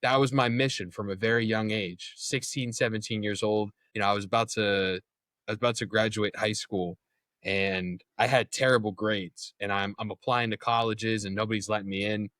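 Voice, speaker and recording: A man's voice: on the low side, fairly even intonation, moderate pace, a bit bright, no room sound. A young man as an interview guest, telling his story in a candid, casual way, swearing freely and acting out what others said.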